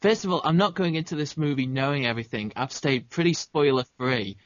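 A man's voice: mid-range voice, fairly quick, no echo. Wry male podcast co-host, dry sound. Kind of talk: casual chat. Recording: dry, muffled lo-fi audio.

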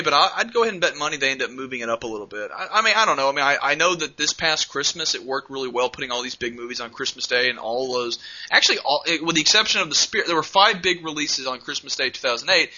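A man co-hosting a casual movie chat, giving emphatic, animated opinions. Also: fairly high pitch, fast. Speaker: podcast co-host. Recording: dull lo-fi sound.

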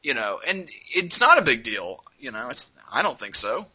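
A man's voice: mid-range voice, big pitch swings, moderate pace, pushed and bright, breathy edge. A man co-hosting a podcast in casual chat, rambling and profane, with many restarts. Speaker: podcast co-host. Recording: muffled lo-fi audio.

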